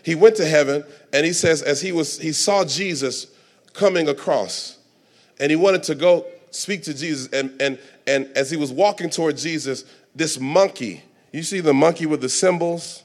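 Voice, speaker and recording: A man in the pulpit delivers a sermon with a somewhat high-pitched voice. His delivery is dramatic, drawing the congregation close with quiet asides before building to fervent shouts. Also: moderate pace. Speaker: pastor.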